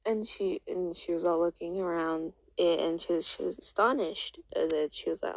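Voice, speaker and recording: A woman's voice: lowish voice, normal speed, hardly any pauses, dry recording, low-quality recording. Rambling woman retelling a story. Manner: rambling, full of restarts and "and then ... was like". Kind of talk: casual fan-story retelling.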